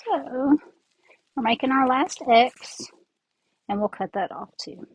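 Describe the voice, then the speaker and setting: A craft host with a Southern accent chats casually through a tutorial, rambling as she works with her hands, her sinuses leaving her a bit congested. Her voice is high, slow, and breathy at the edges. The recording, made on an earbud mic, sounds rough.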